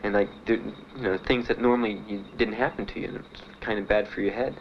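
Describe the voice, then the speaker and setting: A man being interviewed about his time in the service, telling his story in a halting, plainspoken way with many fillers. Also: fairly low pitch, fairly even intonation, vocal fry. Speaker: veteran interviewee. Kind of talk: documentary interview. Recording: dull archival recording with faint hiss.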